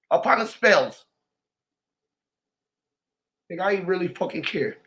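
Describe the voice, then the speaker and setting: High-voiced man ranting emotionally. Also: lively intonation, unhurried, pauses often. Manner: swings between loud outbursts and low mutters, swears a lot. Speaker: vlogger. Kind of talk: rambling emotional monologue.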